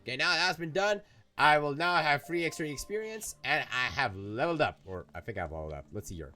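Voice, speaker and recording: A man's voice: a little high, animated, a little fast, pushed and bright, faint music behind. A young man commenting on a video game, rambling and playful, often correcting himself. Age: young adult. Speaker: gaming YouTuber. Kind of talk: let's play commentary.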